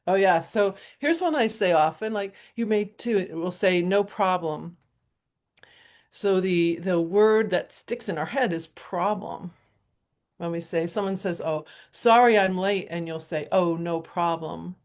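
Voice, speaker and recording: Brief: middle-aged woman, slightly low voice, relaxed reflective chat, easy laughs. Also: unhurried. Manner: chatty, thoughtful, frequent fillers and little laughs. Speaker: speaker sharing self-help reflections. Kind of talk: casual reflective talk.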